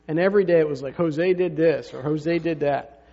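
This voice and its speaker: A man's voice: a little high, fairly quick, vocal fry, mellow. A man preaching a sermon, telling stories in a conversational way with rhetorical asides to the congregation. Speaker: pastor. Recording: reverberant hall, dull lo-fi sound.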